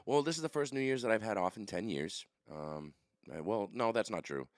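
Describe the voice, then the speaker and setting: A man's voice: on the low side, animated, fairly quick, no echo, clean studio sound. A man co-hosting a podcast in casual chat, rambling and correcting himself as he talks, often laughing. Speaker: podcast co-host.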